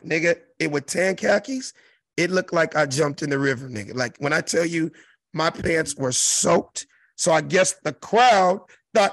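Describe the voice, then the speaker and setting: Gravelly, high-voiced man telling a wild story. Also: unhurried, fairly bright tone, no room sound. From South Central Los Angeles. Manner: profane, emphatic, mimics crowd noises. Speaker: interview guest, comedian. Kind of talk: animated storytelling.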